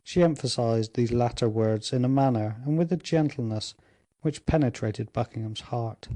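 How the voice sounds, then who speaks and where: Male audiobook narrator, measured steady delivery, warm and mellow tone. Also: mid-range voice.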